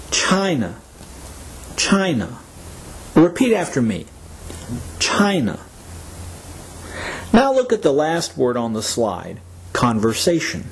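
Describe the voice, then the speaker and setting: Slow, lively-voiced teacher. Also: male voice, a little high, breathy edge. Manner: measured, repeats words for learners to echo. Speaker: English pronunciation teacher. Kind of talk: slow scripted lesson narration.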